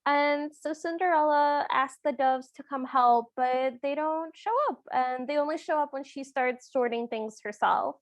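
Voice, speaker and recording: A woman's voice: sits high, measured pace, few pauses, no echo. A woman co-hosting a podcast, talking through a film's plot in a thoughtful, tentative way. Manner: thoughtful, tentative, hedges with "kind of" and "sort of". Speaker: podcast co-host. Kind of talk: casual chat recapping a film.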